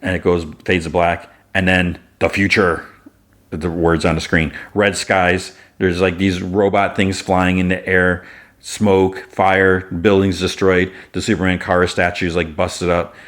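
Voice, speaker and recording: A male podcast host with a very low voice, recapping an episode in a loose, rambling way. He peppers his talk with "like" and "you know.". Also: flat delivery, measured pace, a bit bright. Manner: rambling, filler-heavy storytelling.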